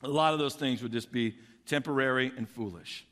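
A man preaching a sermon, retelling a story in an animated, conversational way that swings between loud and soft. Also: mid-range voice, brisk, in a large hall.

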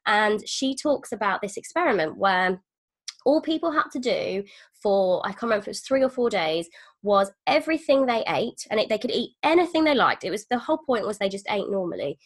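A woman's voice: medium pitch, very animated, a little fast. A woman hosting a podcast, chatting with enthusiasm and now and then acting out quoted voices. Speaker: podcast host. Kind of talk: casual podcast conversation.

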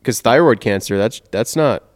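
A man co-hosting a podcast who asks relaxed, joking follow-up questions in casual chat. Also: medium pitch, moderate pace, long reverb tail. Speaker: podcast co-host.

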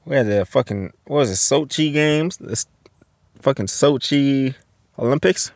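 A man's voice: medium pitch, normal speed, creaky, no room sound, clean studio sound. A young man in his twenties hosting a solo podcast, reading posts aloud and reacting bluntly with lots of profanity. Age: 20s. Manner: profane, blunt, reacts loudly to what he reads. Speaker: podcast host.

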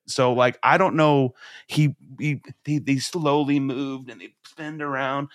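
A man co-hosting a podcast, chatting casually, excitable and profane, with lots of restarts. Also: a little high, moderate pace, dry recording, clean studio sound. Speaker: podcast co-host. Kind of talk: casual chat.

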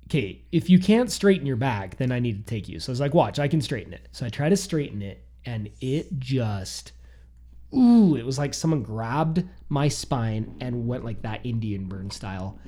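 At a moderate pace and medium pitch, a man in his thirties shares a personal story in a casual chat. He's animated throughout, quoting himself and others.

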